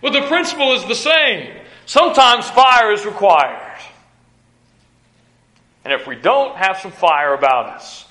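Male preacher, sermon, emphatic, repetitive, stammering restarts, bright voice, echoey room. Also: sits high, animated, measured pace.

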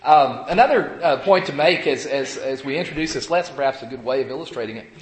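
A man in his fifties giving an evening sermon at a pulpit microphone, talking around a cough drop while getting over a cold, folksy and halting with many fillers and restarts. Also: medium pitch, lively intonation, reverberant. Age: 50s. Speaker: preacher. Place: church sanctuary.

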